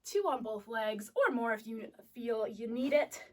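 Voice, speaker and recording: A woman's voice: fairly high pitch, unhurried, darkish tone. Breathless woman coaching a workout, mic far off. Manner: upbeat, coaching cues counted out while moving. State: out of breath and sniffly. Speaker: fitness instructor. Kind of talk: live workout class cueing. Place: fitness studio. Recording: voice distant from the mic.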